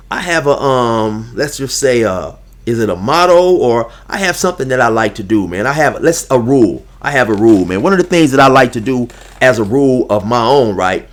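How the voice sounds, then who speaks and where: A man's voice: mid-range voice, lively intonation, fairly quick. An older man with grandchildren telling a personal story to his viewers in a casual, emphatic, conversational way, speaking to them directly.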